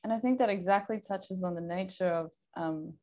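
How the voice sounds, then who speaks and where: A woman's voice: lowish voice, moderate pace. Australian woman, attentive interviewer. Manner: attentive, with soft backchannel murmurs. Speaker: doctor interviewer.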